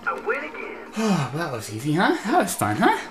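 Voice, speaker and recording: A man's voice: high-pitched, huge pitch swings, brisk. Frustrated young man ranting over gameplay. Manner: frustrated, ranting at the game with bursts of shouting and laughter. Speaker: gameplay commentator. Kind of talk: let's play commentary. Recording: echoey room with game music.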